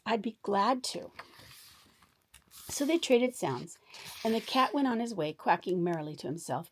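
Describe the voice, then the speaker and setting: A woman reading a children's story aloud in a warm, expressive bedtime storytelling manner. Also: fairly low pitch, slightly rough.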